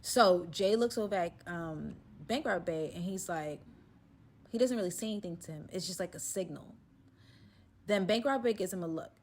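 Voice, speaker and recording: A woman's voice: moderate pace, slight background noise. A woman telling a dramatic personal story in a casual storytime, acting out what everyone said. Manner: animated, acts out quotes with shifting pitch and volume.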